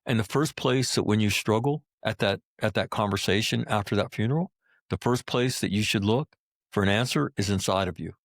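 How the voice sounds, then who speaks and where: A man's voice: lowish voice, brisk, no room sound, studio quality. A middle-aged man, a Marine combat veteran, telling stories in a podcast interview, blunt and profane, hammering his points home with repeated phrases. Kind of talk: candid podcast interview storytelling.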